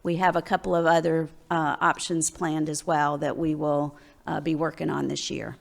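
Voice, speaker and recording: A woman runs a public meeting from the chair. Her voice is low and gravelly, and she explains things plainly, with the odd filler. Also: level tone, normal speed. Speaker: mayor chairing council meeting.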